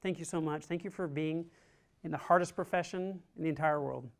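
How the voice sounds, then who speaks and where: In a class on resilience, an army trainer tells a personal story in a fairly high, creaky voice with mostly even intonation and a slightly fast pace. He keeps it chatty and informal, uses "like" a lot, and sounds sincere and encouraging.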